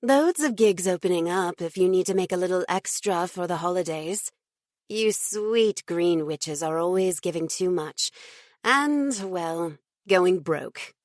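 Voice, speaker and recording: A woman voicing a smooth, predatory agency witch with a silken British accent and a simpering manner. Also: fairly low pitch, animated, a little slow, no echo, studio quality. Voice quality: silken-voiced. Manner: simpering, sugary.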